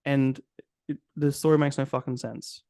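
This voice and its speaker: A man's voice: mid-range voice, moderate pace, dry recording, studio quality. A man co-hosting a casual movie podcast, ranting at length with frequent swearing. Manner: ranting, profane, animated. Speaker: podcast co-host. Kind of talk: casual chat.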